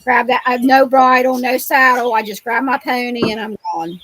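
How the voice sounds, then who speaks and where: A woman's voice: fairly high pitch, fairly even intonation, moderate pace, a bit bright, rough recording. A woman from Ohio, a guest in an interview, retelling her experiences in a rambling, vivid way full of fillers over a remote call microphone. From Ohio, USA. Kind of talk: casual storytelling interview.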